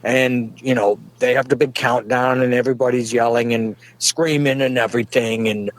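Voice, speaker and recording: A middle-aged man tells a rambling comic story in a folksy way. His voice sits at an ordinary middle pitch. He often breaks into chuckles at his own jokes. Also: fairly even intonation, normal speed. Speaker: comedic podcast guest. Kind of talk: rambling comedic monologue.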